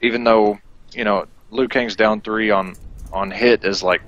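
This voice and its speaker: A man giving play-by-play tournament commentary on a fighting game, analytical and quick to get excited at big moments. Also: lowish voice, dull audio, faint music behind. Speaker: esports commentator.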